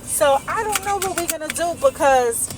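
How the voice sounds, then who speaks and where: A woman's voice: high voice, lively intonation, moderate pace, over music, rough recording. A woman delivery driver ranting to her phone camera from inside a car, heated and profane, tagging "okay?" onto her points. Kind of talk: casual rant to camera.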